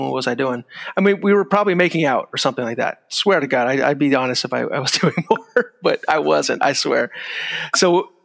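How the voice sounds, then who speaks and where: A man's voice: a little high, vocal fry, fairly bright tone. A middle-aged man, a guest on an interview show, telling a story in a laid-back way. He laughs as he goes and acts out the lines of the people in it. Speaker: guest, former security agent. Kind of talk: casual storytelling. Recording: long room reverb.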